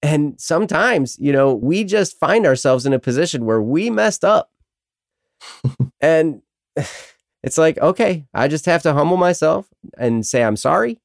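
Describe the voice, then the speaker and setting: A man's voice: on the high side, lively intonation, measured pace, no room sound. Reflective male co-host, dry close sound. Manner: reflective, frequent "you know" fillers. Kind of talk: casual faith podcast talk.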